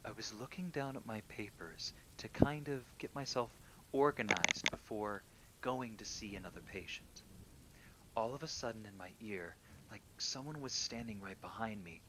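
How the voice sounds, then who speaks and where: A man calmly reading true horror stories aloud, sometimes dropping to a hushed near-whisper. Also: moderate pace, a little hiss or hum. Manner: calm, low-key reading that drops into hushed near-whispers. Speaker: horror story reader.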